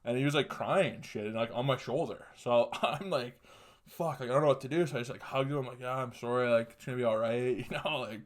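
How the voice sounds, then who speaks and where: A man's voice: mid-range voice, fast. A young man hosting a solo podcast, telling a story casually, swearing constantly and laughing mid-sentence. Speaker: podcast host.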